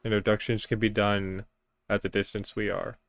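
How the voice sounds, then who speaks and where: A man's voice: lowish voice, flat delivery, normal speed, vocal fry, no echo. Man voicing evasive shrouded stranger, clipped and guarded. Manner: curt and secretive.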